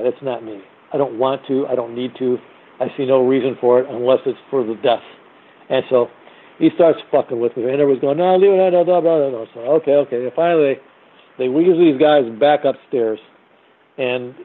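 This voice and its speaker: A man, a musician, telling a blunt and profane story in a casual spoken way. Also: medium pitch. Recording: tinny phone-like audio.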